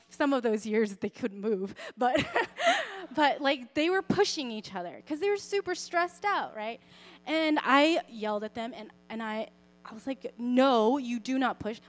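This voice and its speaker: A woman in her thirties shares a personal testimony in the easy, rambling way of a sermon, full of fillers and asides. Her voice sits high, and she keeps a warm, earnest, conversational tone throughout. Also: sing-song, measured pace. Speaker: speaker sharing a testimony.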